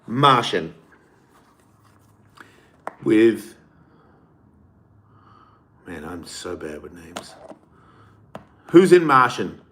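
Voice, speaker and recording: A man hosts his own podcast with a somewhat low voice. He tells long, rambling stories in an offhand way, swearing freely and laughing along as he goes. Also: very animated, extremely slow, long pauses, fairly bright tone. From Australia. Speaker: podcast host. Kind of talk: casual storytelling monologue.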